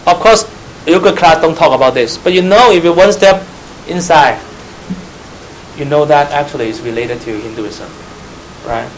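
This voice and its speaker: A man's voice: on the high side, moderate pace, pauses often, a little hiss or hum, poor audio. A man with a Chinese accent, a Mandarin speaker, preaching a Bible study sermon in earnest, emphatic English and speaking straight to his listeners.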